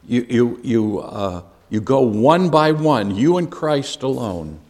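An earnest man teaches a Bible study, his pitch rising and falling with lively emphasis as he repeats key phrases. His voice carries a long reverb from a large hall. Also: takes it slowly.

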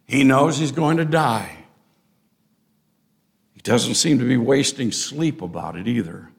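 Older male pastor, gravelly, unhurried, emphatic sermon delivery. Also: medium pitch, expressive. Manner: deliberate, emphatic preaching with rising stresses. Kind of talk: expository sermon.

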